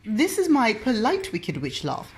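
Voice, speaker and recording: Playful mum host, mock-grand commentary, bouncy lively pitch. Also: female voice, a little hiss or hum. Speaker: parent and host. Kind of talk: casual chat while crafting with a child.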